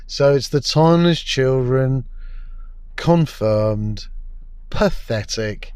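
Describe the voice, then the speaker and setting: A man's voice: a little high, lively intonation, measured pace, no room sound. A man giving a scornful, crude, exasperated review of a TV episode. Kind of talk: ranting review commentary.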